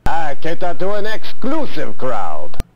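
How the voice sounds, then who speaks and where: A man's voice: a little high, huge pitch swings, measured pace, slight background noise, heavily acted. A man voicing a snooty, brusque photographer in an adventure game, with a fake French accent and a dismissive, haughty manner.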